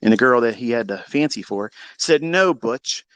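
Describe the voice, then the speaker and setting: A man hosting a live audio chat, telling a long story in a profane, mocking, animated way. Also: medium pitch, fairly quick, no echo. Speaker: Twitter Space host. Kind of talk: casual storytelling rant. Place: lives in Maryland.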